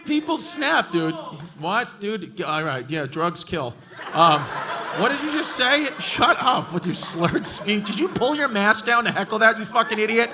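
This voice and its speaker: A man with a New York accent doing brash, profane stand-up crowd work, roasting hecklers and often shouting. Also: high-pitched, sing-song, unhurried, background noise. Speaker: stand-up comedian. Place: comedy club stage with a laughing crowd. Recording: live club audio with crowd laughter.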